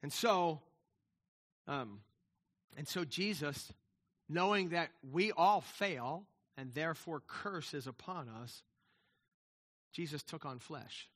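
A middle-aged pastor with a fairly high, somewhat bright voice preaches slowly, leaving long pauses. He talks conversationally, repeating words, restarting, and frequently asking "right?"

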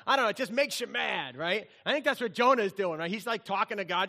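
A middle-aged male pastor delivers a lively, conversational sermon. His voice sits high and sounds bright. He acts out the people he quotes. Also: fast talker, creaky, few pauses.

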